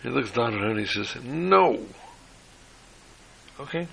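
A man's voice: fairly low pitch, fairly even intonation, very fast, vocal fry, a crowd in the background, poor audio. A man teaching a sermon-style class on the Haggadah, telling a joke and peppering his talk with Hebrew and Yiddish terms. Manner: storytelling, uses Hebrew and Yiddish terms, restarts often.

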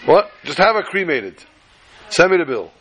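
A man's voice: a little high, very animated, moderate pace, a bit bright, husky, heavily acted, poor audio. A man voicing a stubborn, dismissive secular son who talks bluntly and later wails in grief. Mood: curt. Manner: blunt and curt, then wailing in grief.

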